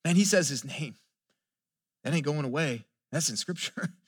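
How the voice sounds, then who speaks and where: High-pitched pastor guy preaching, earnest, throws rhetorical questions at the crowd, stumbles on repeated words. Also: normal speed, husky. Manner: earnest, repeats words when building a point; asks the listeners rhetorical questions. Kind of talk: sermon.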